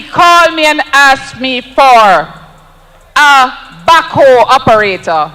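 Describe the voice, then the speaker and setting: A man's voice: very high-pitched, pushed and bright, big-room sound, rough recording. A Jamaican man giving an emphatic, rousing campaign speech at an outdoor rally, repeating lines for effect. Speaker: political speaker at a rally.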